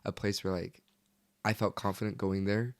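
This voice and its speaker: A young man talking as a podcast guest, his voice a touch low with a gravelly fry running through it. He tells his story earnestly and casually, with "like" sprinkled all through his sentences. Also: level tone, moderate pace. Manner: earnest, leans heavily on "like".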